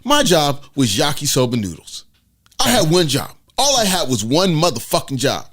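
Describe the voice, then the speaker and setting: A man co-hosting a podcast, ranting and telling stories in a loud, profane, rambling way. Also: a little high, big pitch swings, moderate pace. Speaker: podcast co-host. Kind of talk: profane comedic rant.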